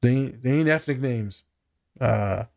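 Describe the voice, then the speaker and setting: A man's voice: medium pitch, measured pace, creaky, a little mellow. A man co-hosting a casual discussion, speaking bluntly and candidly, swearing freely and thinking aloud with fillers and restarts. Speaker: podcast co-host.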